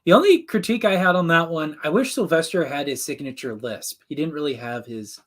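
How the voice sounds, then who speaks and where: Man, slightly high voice, eager casual chat, quotes cartoon lines. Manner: enthusiastic, drops quick cartoon impressions. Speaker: co-host reviewing classic cartoons.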